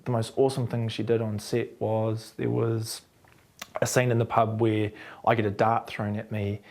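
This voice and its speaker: A man's voice: on the low side, moderate pace. New Zealand man telling acting stories. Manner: animated, acts out quotes of others. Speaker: actor. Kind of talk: anecdotal interview storytelling.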